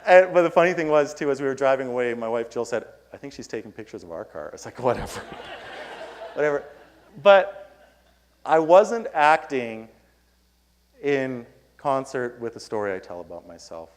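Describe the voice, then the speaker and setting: A man's voice: medium pitch, big pitch swings, moderate pace, pauses often. A man giving a keynote talk at a conference, telling a story and acting out his own lines in a raised voice. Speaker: keynote speaker. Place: conference hall before an audience.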